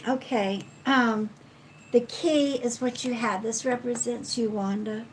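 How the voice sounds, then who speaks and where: A middle-aged woman giving a live psychic card reading in a slow, chatty way, counting cards aloud. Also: a little high, steady tone, a little hiss or hum, rough recording. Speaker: psychic reader.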